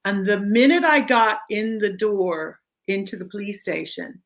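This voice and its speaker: A middle-aged woman recounts a personal story as an interview guest. Her telling is candid and animated, and she slips into the voices of the people she quotes. Her voice sits at an ordinary, middle pitch. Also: unhurried, rough recording.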